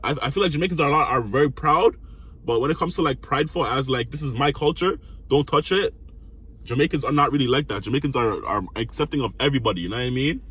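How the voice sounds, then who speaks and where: A man's voice: medium pitch, quick pace, fairly bright tone, slight background noise. A man giving rambling casual commentary, constantly asking "you know what I mean". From Canada. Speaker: commentary host.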